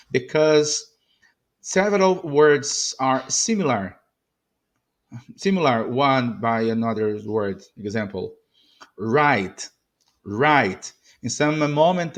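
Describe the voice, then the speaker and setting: A man with a Brazilian Portuguese accent teaching English pronunciation. He repeats short model phrases slowly with exaggerated stress and slips into Portuguese asides. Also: medium pitch.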